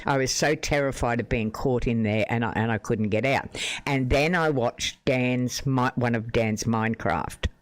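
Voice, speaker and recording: A chatty man talks to his stream audience at a mid pitch, drifting from thought to thought and breaking into laughter now and then. He speaks into a desk microphone at home. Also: moderate pace. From Australia. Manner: chatty and rambling, laughs often, restarts sentences. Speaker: live streamer. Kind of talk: casual live-stream chat with viewers. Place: home room.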